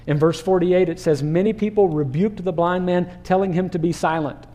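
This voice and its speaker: A man delivers a sermon, lively and engaging, throwing questions at the listeners. His voice sits slightly high with a warm, mellow tone. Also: normal speed. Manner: animated, acts out crowd voices and rhetorical questions. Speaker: pastor.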